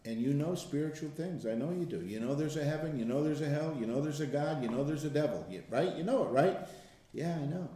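A man's voice: on the high side, quick pace, hardly any pauses, crowd noise. Older man leading a Bible study, echoey room. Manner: conversational storytelling, laughs often. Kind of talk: informal Bible study teaching.

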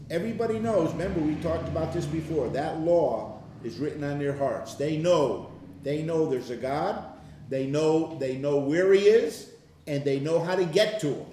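An older man leads an informal Bible study, telling stories in a loose, conversational way and breaking into laughter now and then. His voice sits a little high. The room is very echoey. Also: dark tone, slight background noise. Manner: conversational storytelling, laughs often.

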